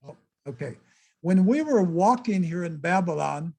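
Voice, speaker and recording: A man's voice: sits high, expressive, normal speed, creaky, warm tone. An older man giving a casual, chatty slideshow talk and exclaiming to his audience as presenter. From United States.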